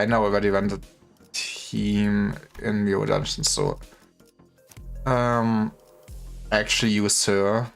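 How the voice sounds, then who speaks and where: A man's voice: fairly low pitch, vocal fry, a bit bright. A man streaming a game, rambling casually and thinking aloud with restarts as he plays. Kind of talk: casual gaming commentary. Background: faint game music.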